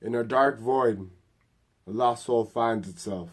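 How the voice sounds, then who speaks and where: A man on his vlog who greets viewers brightly and then reads his own book aloud with dramatic emphasis. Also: mid-range voice, slow.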